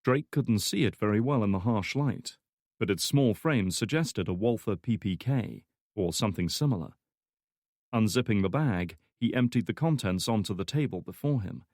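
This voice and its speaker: Low-voiced male thriller narrator. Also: lively intonation, darkish tone, no room sound, studio quality. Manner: measured thriller storytelling. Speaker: audiobook narrator. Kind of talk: scripted narration.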